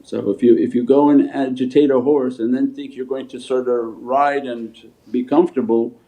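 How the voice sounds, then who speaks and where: A man's voice: medium pitch, steady tone, normal speed. A Sufi shaykh giving a spiritual talk and answering questions, telling stories as he teaches. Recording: phone-like livestream audio.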